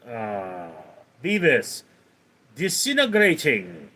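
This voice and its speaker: A man's voice: mid-range voice, wildly swooping pitch, extremely slow, bright, forceful tone. A man hosting a casual livestream who reads viewers' chat questions aloud and answers them. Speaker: livestream host.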